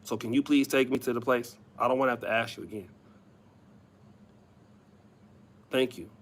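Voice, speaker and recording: A man's voice: mid-range voice, steady tone, quick pace, a little hiss or hum, close to an everyday voice. A man mimicking a bossy nagging girlfriend. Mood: demanding. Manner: nagging, sweet and rude at once. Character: bossy demanding young woman, girlfriend.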